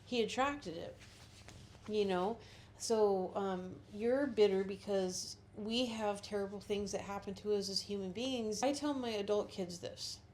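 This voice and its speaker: A woman's voice: medium pitch, measured pace, a little mellow, a little hiss or hum. A middle-aged woman vlogging about witchcraft in a blunt, rambling, profane way. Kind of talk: casual spiritual monologue.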